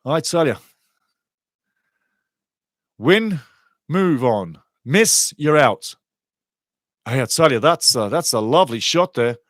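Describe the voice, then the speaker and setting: A man hosting a soccer show, giving blunt, excitable live commentary on a penalty shootout. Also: mid-range voice, takes it slowly, pauses often, dry recording, studio quality. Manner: excitable, blunt, swings from laughing to outraged shouting. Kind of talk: live watch-along commentary.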